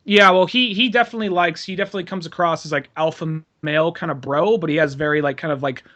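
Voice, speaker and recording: A man's voice: fairly high pitch, quick pace, a bit bright, muffled recording. A man co-hosting a podcast, chatting casually with hedges and swearing. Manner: chatty, hedging, profane. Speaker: podcast co-host. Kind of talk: casual chat.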